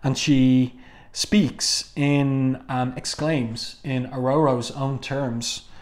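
A man's voice: mid-range voice, little pitch movement, very slow. A man casually reviewing a comic book and reading panels aloud, musing with frequent ums and restarts.

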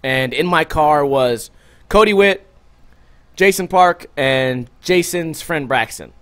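Animated, profane male podcast host. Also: a little high, slow. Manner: animated, profane storytelling with acted-out quotes. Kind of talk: casual storytelling podcast.

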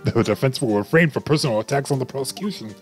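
A man's voice: mid-range voice, expressive, fast, faint music behind, lightly acted. A man voicing a stern male judge in a game playthrough, formal and admonishing.

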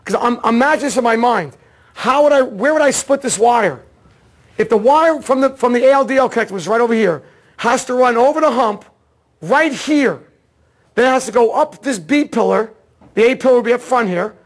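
A man teaching an automotive diagnostics seminar, telling a case story in a casual, excitable way and acting out the dialogue. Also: very high-pitched, brisk. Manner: casual slangy talk, repeats words. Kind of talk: seminar lecture.

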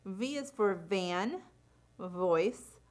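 A teacher leads a phonics lesson at a very unhurried, deliberate pace. She clearly enunciates each letter sound and example word, her pitch rising and falling in a lively way.

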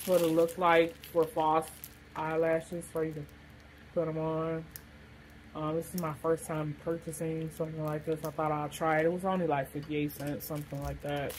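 A woman's voice: sits low, level tone, normal speed, a little mellow, slight background noise, poor audio. A woman casually chatting through a shopping haul, rambling with lots of fillers. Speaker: vlogger showing a shopping haul. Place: hot room with a fan blowing.

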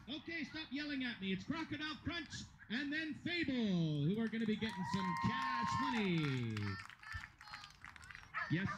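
Over very noisy conditions at the dog agility venue, the commentator speaks at an extremely high pitch. He keeps up a joking, meandering, self-mocking stream of live commentary.

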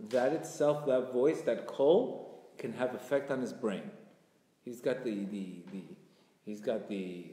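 Passionate man teaching in an echoey hall. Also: mid-range voice. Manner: passionate, rising to near shouts. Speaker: Jewish teacher. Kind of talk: Torah class.

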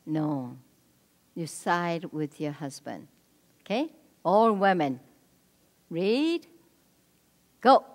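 A woman leading a marriage seminar at a church, speaking directly and prompting the audience with quick cues. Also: lowish voice, expressive. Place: church hall. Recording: long hall reverb.

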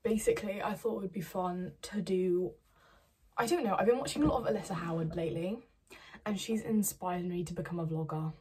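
A woman's voice: on the low side, fairly quick, darkish tone, husky. A woman chatting casually to camera as a vlogger, rambling to herself while getting ready at home. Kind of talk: casual vlog chat. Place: at home, indoors.

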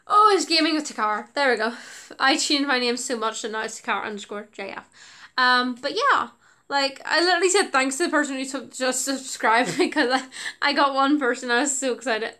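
A woman's voice: high voice, fairly quick, pushed and bright. A woman YouTuber chatting casually about her old videos, rambling with lots of "like" and giggles. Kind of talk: casual reaction commentary.

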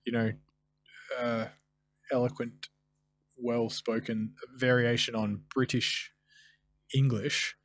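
A man's voice: mid-range voice, little pitch movement, slow pace, a bit bright, no echo. An Australian man explaining things easily as a podcast guest, with plenty of fillers. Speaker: guest producer. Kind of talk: casual podcast chat.

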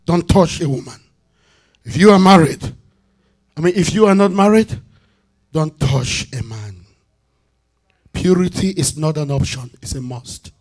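A man preaching a sermon as bishop, calling out to the congregation for answers and swinging between loud declarations and hushed asides. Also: fairly high pitch, unhurried, long pauses. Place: church sanctuary.

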